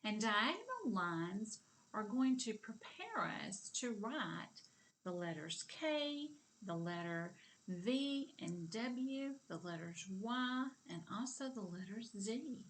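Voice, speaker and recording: A woman with a Southern American accent teaching a kindergarten video lesson, speaking slowly and encouragingly and stretching sentences out word by word. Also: medium pitch, sing-song, a bit bright. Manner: slow, drawn-out, encouraging, claps words aloud.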